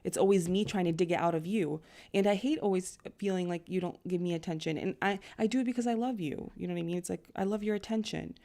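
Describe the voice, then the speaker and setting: Young woman, casual reader, rambles with fillers, low warm tone. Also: fast, vocal fry. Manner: rambling, chatty, full of "like" and "you know". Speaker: tarot and astrology reader. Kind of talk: casual collective reading.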